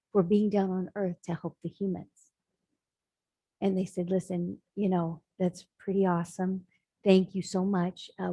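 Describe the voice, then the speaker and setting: Woman storyteller for a sermon, warm and husky, dry room sound, acts out the characters as she goes. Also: medium pitch, no echo, rough recording. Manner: dramatic storyteller voicing characters. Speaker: spiritual speaker.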